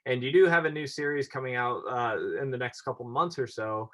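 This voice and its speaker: A man's voice: mid-range voice, fairly quick, a bit bright. A man hosting a casual interview, giving brief, encouraging prompts to his guest. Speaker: interview host.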